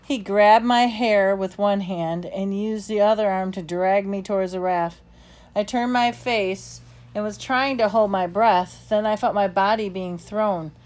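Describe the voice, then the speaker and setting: A woman reading a novel aloud in a plain, steady voice with small slips. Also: mid-range voice. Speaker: reader.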